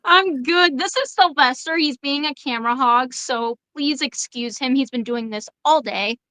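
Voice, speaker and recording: A woman's voice: high voice, normal speed, bright, forceful tone, no room sound, low-quality recording. A woman in her twenties, a podcast guest, speaking casually and hesitantly with many fillers and restarts. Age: 20s. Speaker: interview guest. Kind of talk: casual interview chat.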